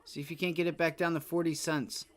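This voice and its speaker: A man's voice: on the high side, flat delivery, fast, a bit bright. A young man giving live trading commentary on a stream, frustrated, swearing and repeating his exclamations. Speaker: day trader streaming live.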